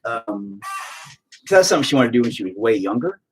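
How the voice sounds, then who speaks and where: A man's voice: mid-range voice, very animated, fast talker, soft background music. A middle-aged man hosting a painting video, chatting casually and ranting with heavy profanity in exasperation. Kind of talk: casual chat while painting.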